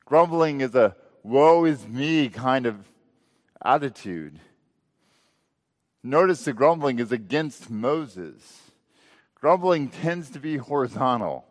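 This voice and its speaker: A man's voice: mid-range voice, animated, slow, long pauses. Male pastor, sermon, rhetorical questions, rising and falling volume, long hall reverb.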